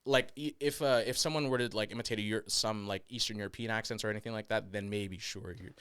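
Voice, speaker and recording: A young man co-hosting a casual podcast chat, telling animated stories and slipping into mock voices. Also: fairly low pitch, fast talker, clean tone, no echo. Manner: animated storytelling, slips into mock accents and voices. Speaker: podcast co-host.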